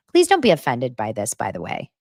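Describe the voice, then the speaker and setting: A woman's voice: extremely low pitch, a little mellow, no room sound, clean studio sound. A woman hosting a casual gossip podcast, talking bluntly and sarcastically. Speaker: podcast host.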